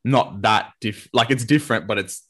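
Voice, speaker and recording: Rambling man, lowish voice. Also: normal speed. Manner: relaxed, rambling, laughs often. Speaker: podcast co-host. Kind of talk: casual chat.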